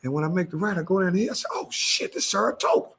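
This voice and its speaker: High gravelly DC man telling stories. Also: fast talker. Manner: animated street slang, acts out quoted voices. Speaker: podcast storyteller. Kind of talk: casual storytelling chat.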